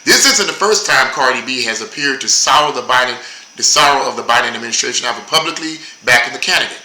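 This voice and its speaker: A man's voice: medium pitch, expressive, fast, pushed and bright, echoey room, poor audio. A man giving casual political commentary as a show host, rambling and repeating words as he goes.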